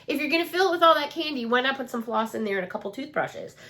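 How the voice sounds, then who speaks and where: A woman's voice: sits high, expressive, quick pace, bright, forceful tone. A middle-aged woman with a Chicago accent chats casually through a shopping haul, gushing over cute finds and asking her viewers questions. Her nose is still stuffy and her sense of smell has not fully come back. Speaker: haul vlogger. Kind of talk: casual show-and-tell chat.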